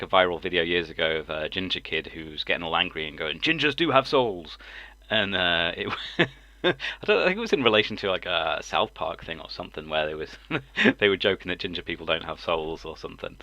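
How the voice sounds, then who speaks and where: Guy on a live stream, chatty and giggly, kinda low but bright, dry mic. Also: no echo. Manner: laughs often, rambling and self-interrupting. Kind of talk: casual chat.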